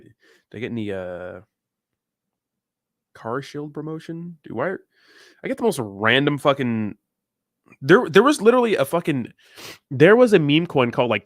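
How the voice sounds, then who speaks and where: A man's voice: on the high side, no room sound, studio quality. A young man from Southern California hosting a crypto livestream, chatting casually and crudely, joking and laughing as he reads viewer comments.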